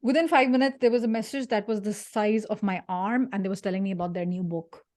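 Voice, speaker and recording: A woman from India leading an interactive career workshop, lively and jokey, putting questions to her audience. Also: mid-range voice, fast talker. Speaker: career speaker.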